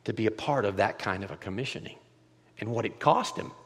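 A male pastor preaching a sermon, moving between hushed, quiet passages and loud, impassioned climaxes. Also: fairly low pitch, a little fast, slightly rough, in a large hall.

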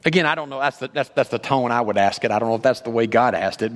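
A male pastor preaching a sermon, animated, acting out God's words with rising emphasis. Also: mid-range voice, fast talker, few pauses. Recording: long reverb of a large hall.

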